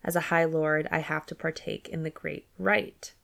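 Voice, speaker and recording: A woman reading the lines of a curt, commanding male warrior lord, giving terse, flat orders. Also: sits low, moderate pace, vocal fry.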